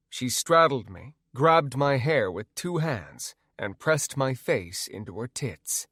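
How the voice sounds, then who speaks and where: Give me a male audiobook narrator, expressive and lively, recorded dry. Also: mid-range voice, unhurried, hardly any pauses, no room sound. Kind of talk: first-person audiobook narration.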